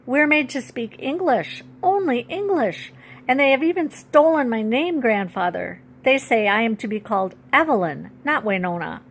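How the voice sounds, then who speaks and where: A woman voicing a young Ojibwe girl who is upset and defiant, pleading in a high, tearful voice. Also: expressive, measured pace.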